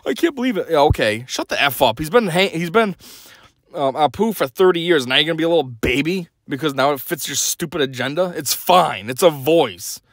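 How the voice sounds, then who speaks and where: A man's voice: fairly high pitch, animated, a little fast, fairly bright tone, dry recording. A young man hosting a podcast, delivering a blunt, sarcastic opinion rant. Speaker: podcast host.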